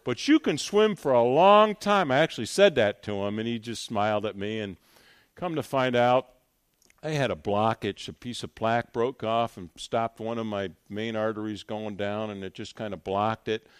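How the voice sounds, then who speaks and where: An older man giving a fervent sermon as a guest speaker, moving from loud exhortation to quiet personal storytelling. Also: on the low side, steady tone, normal speed, clear, resonant tone, no room sound, studio quality.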